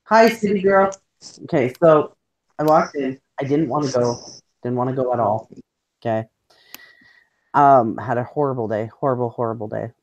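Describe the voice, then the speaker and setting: A woman's voice: a bass voice, fairly even intonation, moderate pace, long pauses, darkish tone, no room sound. A woman hosting a casual chat, telling a story bluntly with lots of swearing and laughter. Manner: blunt, profane, laughs often mid-story. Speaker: host.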